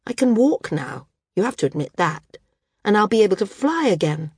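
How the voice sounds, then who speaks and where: A woman's voice: mid-range voice, big pitch swings, moderate pace, a little mellow, husky, no room sound, clean studio sound. A woman voicing an injured, stubborn young woman flyer in an audiobook, insistent and defensive. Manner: insistent, raised and strained. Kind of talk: audiobook character voice.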